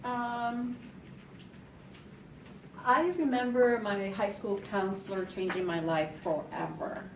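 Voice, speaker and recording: A woman's voice: mid-range voice, steady tone, takes it slowly. A woman from New York City, a panelist, telling a candid personal story at a college event. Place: college hall. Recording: echoey, distant, noisy.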